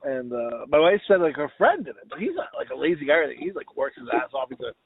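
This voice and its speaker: A man's voice: mid-range voice, animated, fast talker. A man co-hosting a podcast in casual chat, joking crudely and laughing a lot. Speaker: podcast co-host. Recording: tinny phone-like sound.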